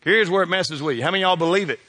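A middle-aged man, a pastor telling funny stories in a sermon, folksy and animated, shouting his punchlines. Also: high voice, very fast, slight background noise. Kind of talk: humorous sermon storytelling.

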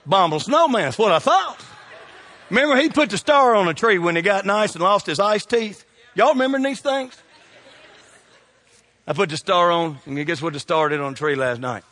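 A middle-aged man, a pastor telling funny stories in a sermon, folksy and animated, shouting his punchlines. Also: sits high, a little fast, some chatter behind. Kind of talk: humorous sermon storytelling.

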